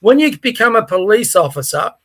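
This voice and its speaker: A man's voice: high voice, very animated, brisk. A man with an Australian accent co-hosting a podcast, talking bluntly and angrily with lots of swearing. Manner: blunt, angry, profane. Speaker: podcast co-host. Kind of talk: heated casual chat.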